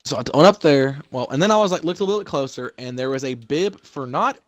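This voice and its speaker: A young adult man with a slightly high voice talks fast and animatedly, recorded dry. Chatting casually, he vents heatedly about trouble at his job, swearing throughout the story.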